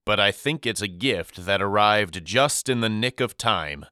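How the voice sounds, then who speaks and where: A man voicing a gentle, loving middle-aged father who speaks softly. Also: fairly low pitch, expressive, measured pace, clean tone, dry recording, clean studio sound.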